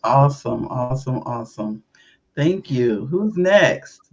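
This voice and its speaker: A woman's voice: a bass voice, a little slow, breathy edge. A woman hosting an online panel, moving the conversation along with short remarks and easy laughter. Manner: laughs easily, brief lively interjections. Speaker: host. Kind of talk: casual online panel chat.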